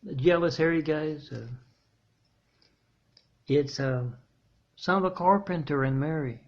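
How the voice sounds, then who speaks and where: A man telling a meandering story in a halting monologue, restarting his phrases often. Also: on the high side, highs cut off. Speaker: self-made video preacher.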